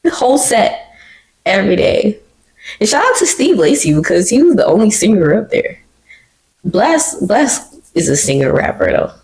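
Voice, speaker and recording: A woman hosting her own podcast, talking alone in an animated, emotional and slangy way. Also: mid-range voice, moderate pace, rough recording. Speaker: podcast host. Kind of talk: casual solo commentary. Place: living room.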